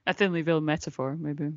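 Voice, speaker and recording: A woman's voice: low-pitched, no room sound. A woman, a regular podcast guest, chatting casually with enthusiastic giggles. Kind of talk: casual chat watching along. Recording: dry dull lo-fi sound.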